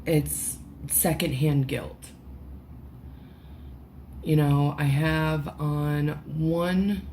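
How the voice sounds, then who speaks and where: A woman vlogging, close to tears, talking haltingly with many restarts and swear words, through a headphone mic at home. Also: sits low, creaky, mellow, slight background noise. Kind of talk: emotional personal vlog.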